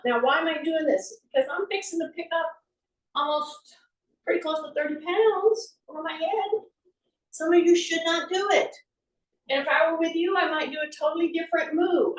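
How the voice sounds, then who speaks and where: A woman with a high voice talks through a workout, chatty and encouraging as she demonstrates each move. She sounds a little away from the mic in an echoey room. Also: recorded from a distance. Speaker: fitness instructor. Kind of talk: live exercise class instruction.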